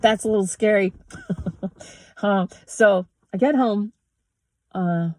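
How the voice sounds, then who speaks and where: A woman's voice: mid-range voice, takes it slowly, a little mellow, a little hiss or hum. A middle-aged woman telling a personal story, candid and emotional, swearing and laughing between lines. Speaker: yoga teacher and vlogger.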